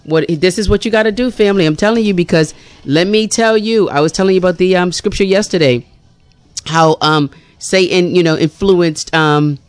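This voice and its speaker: Chatty radio host, smooth voice. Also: medium pitch, moderate pace. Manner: chatty and animated, with many fillers. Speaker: radio morning show host. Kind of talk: casual devotional radio chat. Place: radio studio.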